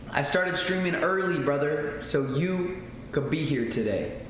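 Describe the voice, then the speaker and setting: A man in his twenties hosting a casual livestream, teasing viewers playfully and reading out shoutouts. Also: high-pitched, lively intonation, unhurried. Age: 20s. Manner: hyped, playful, teasing, reads out chat shoutouts. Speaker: livestream host. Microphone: streaming mic. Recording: very echoey room, faint background hiss.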